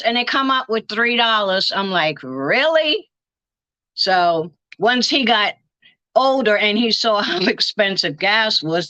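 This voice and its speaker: A woman's voice: mid-range voice, sharp tone, dry recording, highs cut off. An older woman being interviewed, telling family stories and acting out the lines people said. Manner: storytelling, acting out quoted dialogue. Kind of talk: reminiscing interview.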